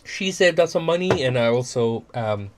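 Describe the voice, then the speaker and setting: A man's voice: medium pitch, animated, moderate pace, slight background noise. A middle-aged music producer streaming from his studio, talking in a loose, rambling, heavily profane way. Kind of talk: casual live stream chat.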